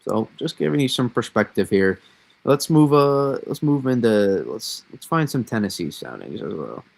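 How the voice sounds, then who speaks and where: A man with a Massachusetts accent hosting a casual live weather analysis, thinking aloud in a halting way with many fillers. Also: medium pitch, sing-song, vocal fry. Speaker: weather stream host.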